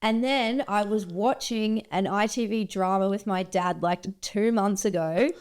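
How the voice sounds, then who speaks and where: An Australian woman hosts a podcast, chatting casually. She tells stories in an animated way and laughs often. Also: medium pitch, unhurried, smooth. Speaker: podcast host. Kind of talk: casual chat.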